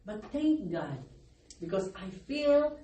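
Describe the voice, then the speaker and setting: A woman's voice: medium pitch, sing-song, slow, dark tone. Woman pastor preaching, distant and echoey. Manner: calls for amens, laughs between phrases. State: losing her voice from crying. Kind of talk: sermon. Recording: echoey room, distant mic, faint noise.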